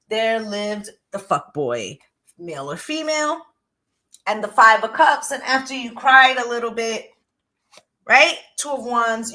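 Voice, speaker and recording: Bright, emphatic woman tarot reader. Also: fairly high pitch, poor audio. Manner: emphatic, profane, keeps asking "right?". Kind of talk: casual spoken tarot reading.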